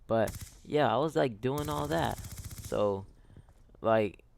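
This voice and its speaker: A man's voice: medium pitch, slow pace, vocal fry, darkish tone, a little hiss or hum. A young man telling a casual storytime on his gaming channel, rambling and slangy with lots of "like" and "yo".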